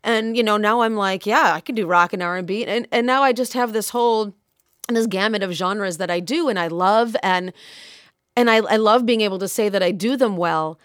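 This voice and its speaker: A woman's voice: mid-range voice, normal speed, no echo. Chatty woman singer, dry close sound. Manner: chatty, laughs easily, many fillers. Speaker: singer guest. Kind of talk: casual interview chat.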